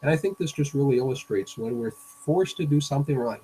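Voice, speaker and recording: A male business coach delivering an explanatory presentation lecture. His voice sits at an ordinary middle pitch, and he speaks haltingly, often pausing on fillers and restarting his phrases. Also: expressive, dark tone, slight background noise, poor audio. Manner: hesitant, frequent fillers and restarts.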